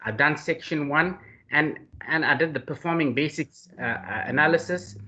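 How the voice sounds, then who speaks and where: A male lecturer hosts an online class and praises the trainer with effusive enthusiasm, addressing him by name again and again. His voice is fairly high and bright, with a forceful edge. The audio is dull and lo-fi, as on a video call. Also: normal speed. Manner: effusive, addresses the other man by name constantly.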